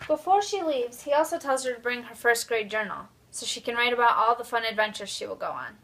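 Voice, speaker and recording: A young woman, a student, presenting a children's book and reading a passage aloud cheerfully and clearly. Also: fairly high pitch, expressive, a little fast, a bit bright. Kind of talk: read-aloud book talk.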